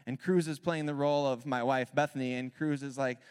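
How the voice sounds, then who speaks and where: A man in his thirties, a worship leader telling a candid, animated personal story as part of a sermon. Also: mid-range voice, fairly quick, clear, resonant tone. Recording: long hall reverb.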